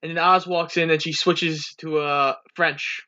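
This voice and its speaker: A man's voice: on the high side, level tone, unhurried, sharp tone, lo-fi sound. A man co-hosting a casual podcast, recapping a film's plot in a plain storytelling way. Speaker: podcast co-host. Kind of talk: casual chat, recapping a film.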